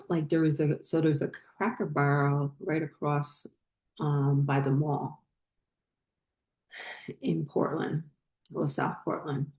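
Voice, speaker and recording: A woman's voice: low-pitched, warm tone, reverberant. A woman hosting a spiritual channel, telling a personal story in a rambling, casual way with many fillers and restarts.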